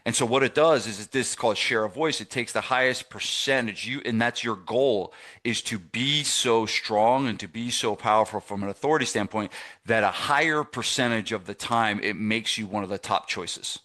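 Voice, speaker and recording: Deep-voiced man coaching gym owners. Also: normal speed, pushed and bright. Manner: rambling and conversational, with many fillers and restarts. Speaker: fitness business coach. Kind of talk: live masterclass coaching.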